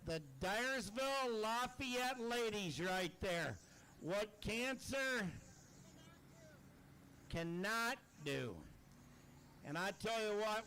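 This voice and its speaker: An older man announcing a truck pull outdoors, breaking into a rapid-fire auction chant in a folksy way. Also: high-pitched, fairly bright tone, clean tone, poor audio. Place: outdoor raceway.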